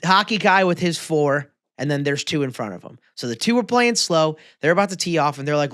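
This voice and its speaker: A podcast co-host telling a story in casual chat, acting out the people in it with loud bursts. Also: medium pitch, a little fast, few pauses, no echo, clean studio sound. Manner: animated storyteller, acting out quotes loudly.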